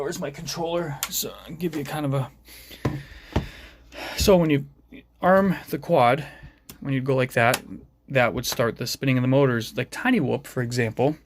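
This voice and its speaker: A man with a mid-range voice rambles through a hobby build in a casual vlog, mumbling and tossing off self-deprecating jokes. The recording is dry and close, with no room echo. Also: mid-range voice. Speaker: FPV drone hobbyist showing his build.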